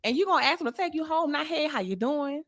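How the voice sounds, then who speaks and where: Animated, bright-voiced woman telling a story. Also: high-pitched, quick pace. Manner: animated, laughing, blunt storyteller. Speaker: podcast co-host. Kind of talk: casual storytelling chat.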